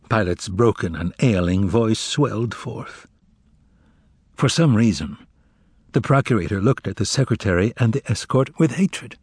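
A man giving a measured, dramatic audiobook narration of a novel. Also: lowish voice, animated, darkish tone, husky, no room sound, studio quality. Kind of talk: scripted literary narration.

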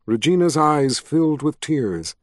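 A man narrating a fantasy novel in a steady, measured storytelling voice. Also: a little high, no echo, studio quality. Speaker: audiobook narrator. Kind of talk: scripted narration.

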